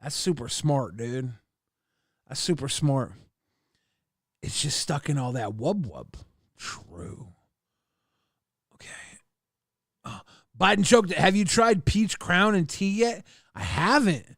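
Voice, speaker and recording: Gravelly high-voiced man streaming. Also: big pitch swings, a bit bright, no echo, studio quality. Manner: joking, drawn-out hype announcements. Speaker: livestream host. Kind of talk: casual livestream chat, reading viewer messages.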